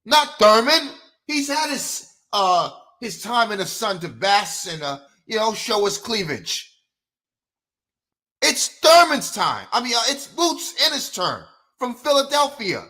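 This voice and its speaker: A middle-aged podcast host rants live, fiery and profane. His bright, fairly high voice swings widely, from shouted challenges down to quiet, muttered asides. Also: big pitch swings, measured pace. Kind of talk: live-stream boxing rant.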